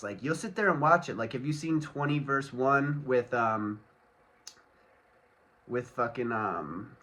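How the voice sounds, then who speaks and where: A man's voice: on the high side, sharp tone. A man ranting angrily to camera in a casual solo vlog, swearing constantly and rambling loosely with many fillers. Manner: angry, profane ranting. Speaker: vlogger.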